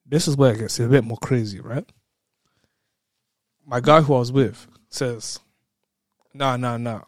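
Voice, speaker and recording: A man telling a story in casual chat, excitable, laughing often and repeating words. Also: mid-range voice, a little slow, no echo, clean studio sound.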